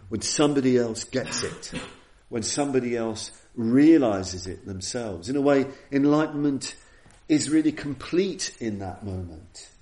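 A man's voice: mid-range voice, expressive, unhurried, warm tone. A man giving a reflective Buddhist dharma talk as a teacher, retelling an old story in an earnest way and often restarting phrases. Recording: echoey room.

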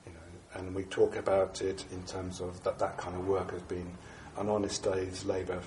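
A very low-voiced man, audibly stuffed up with a cold, gives a dharma talk to a small group. He speaks haltingly, circling back with fillers and restarts. The echoey room has a faint hum of ambience behind him. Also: monotone, a little mellow. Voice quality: bunged up, nasal. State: congested from a cold. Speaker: Buddhist teacher giving a talk.

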